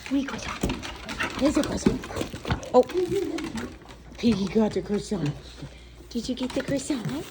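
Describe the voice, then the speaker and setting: Woman, dog owner, lively high baby-talk voice, slow delivery. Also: very noisy. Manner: sing-song baby talk to dogs. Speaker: dog owner filming her pets. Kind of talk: casual home video.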